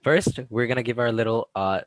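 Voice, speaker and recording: A man's voice: mid-range voice, a little fast, poor audio. A man co-hosting a casual movie review podcast, agreeable and upbeat, often chiming in to back his partner up. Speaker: podcast co-host.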